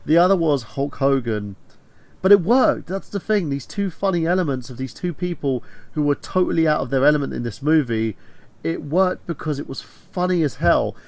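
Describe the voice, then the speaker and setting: A man co-hosting a casual movie talk show, animated and swearing freely as he acts out quotes. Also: on the high side, moderate pace, creaky, no echo. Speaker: podcast co-host.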